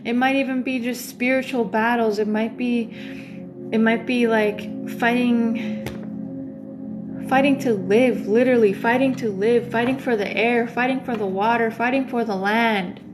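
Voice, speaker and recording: Woman tarot reader, livestream, rambling, a bit high, music behind. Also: fairly even intonation, a little slow. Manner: rambling, lots of fillers. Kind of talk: livestream dream storytelling.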